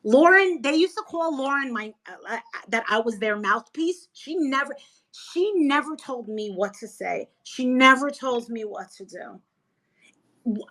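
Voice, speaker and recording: High-voiced, animated gossiping woman. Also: low-quality recording. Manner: animated, emphatic, gossipy storyteller. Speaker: interview guest. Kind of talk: casual chat.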